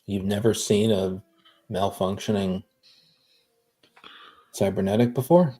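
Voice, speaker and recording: A woman putting on a deep, cool voice for a character named Alice. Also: fairly even intonation, unhurried, dark tone. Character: character Alice, a guarded adult cyborg.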